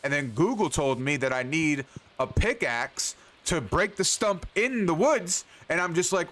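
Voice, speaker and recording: A man's voice: fairly high pitch, expressive, unhurried, fairly bright tone. A man streaming a farming game, grumbling and swearing at the characters as he plays. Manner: profane, exasperated grumbling to himself. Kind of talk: casual gameplay commentary.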